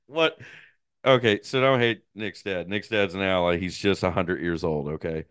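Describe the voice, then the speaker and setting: A man's voice: low voice, lively intonation, a little slow, a bit bright, smooth, no room sound, studio quality. A man co-hosting a podcast in casual chat, crude and laughing a lot, often slipping into mocking voices. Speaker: podcast co-host.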